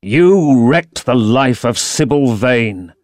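A man's voice: medium pitch, expressive, darkish tone, no room sound, clean studio sound. A man doing a grim, vengeful young sailor. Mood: menacing. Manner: slow, threatening, growling delivery.

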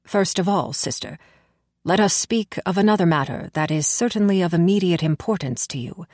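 A pale, nervous male spy from a storybook speaks in a low, measured, grim way, read by a woman. The voice leans in, confiding and careful. The recording is close and dry. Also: animated, a little mellow, no echo. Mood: grave.

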